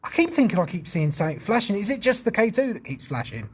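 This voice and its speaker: Brief: male streamer, husky and high, chatty, easily spooked. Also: very animated, quick pace. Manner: chatty, jumpy, swears when startled. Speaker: ghost-hunting livestreamer. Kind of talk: casual livestream chat.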